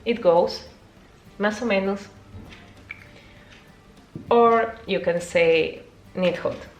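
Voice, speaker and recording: A young woman, not a native English speaker, teaching a casual video language lesson in a chatty way, jumping high in pitch to show words. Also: drawn-out words, slight background noise. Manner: lively, jumps high to demonstrate words, chatty with fillers.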